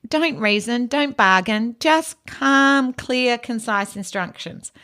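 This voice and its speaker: A middle-aged woman hosting an educational podcast, speaking calmly in a low-key, near-monotone delivery. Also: slow. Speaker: podcast host and autism educator.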